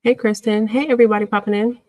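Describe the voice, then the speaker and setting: A woman hosting a casual livestream, chatting with viewers and answering their comments in an emotional, animated way. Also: mid-range voice, fast, no echo, low-quality recording. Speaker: livestream host.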